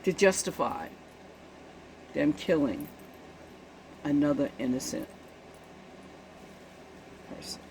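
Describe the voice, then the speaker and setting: A woman's voice: deep voice, expressive, takes it slowly, creaky, long pauses, a little mellow, slight background noise, poor audio. A woman giving casual spoken commentary on a news event, indignant and emphatic, often checking in with her listeners.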